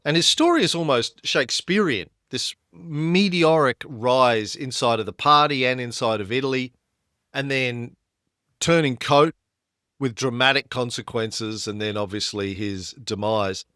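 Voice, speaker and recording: Guy co-hosting a history podcast, storyteller vibe, gets louder and higher on the big points, dry close mic. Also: a little slow, no echo. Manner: lively storytelling, rises in pitch when emphatic. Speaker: podcast co-host.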